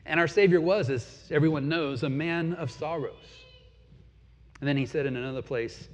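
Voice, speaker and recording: With a slightly high voice at a moderate pace, a pastor in his forties preaches sincerely, building and easing in force. His sermon is captured with dull sound and long reverberation from a hall.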